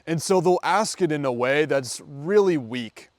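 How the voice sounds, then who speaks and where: A man's voice: on the high side, lively intonation, unhurried, few pauses, dry recording. A young man in his twenties, a dating coach giving casual vlog advice and acting out example conversations. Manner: conversational, acts out example dialogues.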